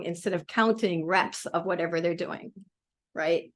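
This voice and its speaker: A woman who works as a therapeutic musician, gently and encouragingly guiding a group through a breathing exercise and talking about her work. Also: on the low side, steady tone, moderate pace. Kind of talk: guest talk and leading a group breathing song.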